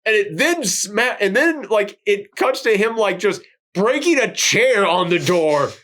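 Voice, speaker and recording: Male podcast host, fairly high voice, rambling and excitable. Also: unhurried. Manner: excitable, rambling, swears freely. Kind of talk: casual film recap chat.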